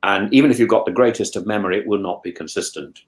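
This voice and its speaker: A man's voice: on the low side, fast talker. A man in casual chat on a show he regularly joins, talking in a thoughtful, musing way with many restarts and stammered repeats. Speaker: regular guest.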